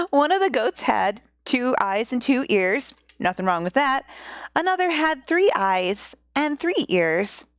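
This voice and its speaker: A woman retelling a fairy tale on her podcast in a casual, playful way, often breaking into giggles. Her voice is fairly high and very lively in pitch. The recording is close and dry, with no room sound. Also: slow pace, no room sound. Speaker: podcast host and storyteller. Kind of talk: casual storytelling. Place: home. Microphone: podcast microphone.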